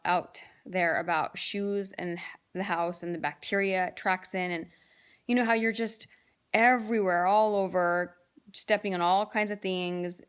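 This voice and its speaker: A woman's voice: medium pitch, clean tone. A woman in her thirties chatting casually to camera, telling amused family stories with lots of fillers and restarts. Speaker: vlogger telling home stories. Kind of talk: casual storytelling monologue.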